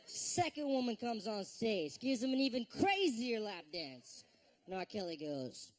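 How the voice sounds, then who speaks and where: A man performing a stand-up routine on stage, telling stories in an animated way with voiced reactions. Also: sits high, unhurried. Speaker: stand-up comedian. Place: live show on stage.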